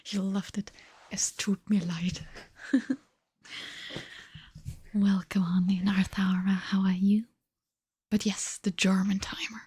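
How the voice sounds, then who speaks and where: Tired woman whispering in a breathy hush. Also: medium pitch, flat delivery, slow pace, pauses often, dry recording. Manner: drowsy, chatty, switching between two languages. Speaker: ASMR streamer. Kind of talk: whispered ASMR livestream chat.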